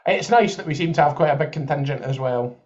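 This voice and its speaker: A man co-hosts a podcast during a live football watchalong, chatting about the game and thinking aloud with examples. His voice is on the high side and darkish, he talks quickly, and the highs are cut off.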